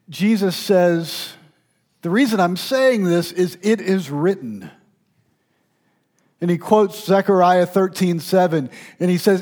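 A high-pitched male pastor preaches a sermon that swings between loud, emphatic stretches and hushed, intimate ones, with the occasional filler or restart.

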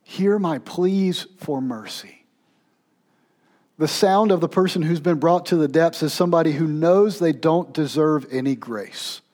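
Impassioned preaching man, slightly high voice. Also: moderate pace, hardly any pauses. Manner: swings between raised, pleading intensity and hushed, low-voiced emphasis. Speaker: pastor. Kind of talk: sermon.

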